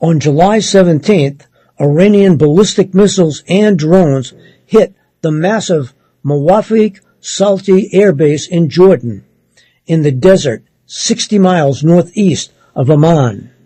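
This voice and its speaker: A man reading a news article aloud in a measured, steady way, sometimes stopping to correct himself. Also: on the high side, slightly rough, no room sound, poor audio. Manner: measured, steady read with occasional self-corrections.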